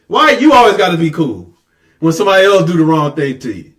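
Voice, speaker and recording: High-pitched preacher guy, chatty but hammering his point, reads out bible verses. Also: animated, fast talker, a bit bright. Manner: conversational, emphatic, mocks excuses in lowered voice. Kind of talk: street-level sermon with scripture reading.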